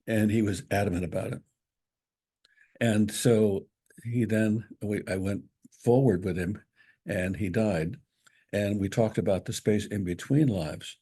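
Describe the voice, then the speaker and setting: A man co-hosting a reflective spiritual talk, telling a story in a measured way with many restarts. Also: fairly low pitch, warm tone, breathy edge.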